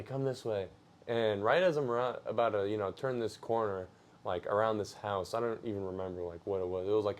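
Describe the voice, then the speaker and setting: A man's voice: on the low side, a little mellow. A young man telling a story in a casual, slangy way, with loose fillers and laughs.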